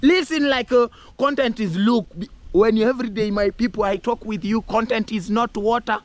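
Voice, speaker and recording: High-voiced excited Kenyan man vlogging. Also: normal speed. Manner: excited, rambling, mixes English and Swahili, laughs often. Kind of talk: casual vlog talk to camera. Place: outdoors in a rural village.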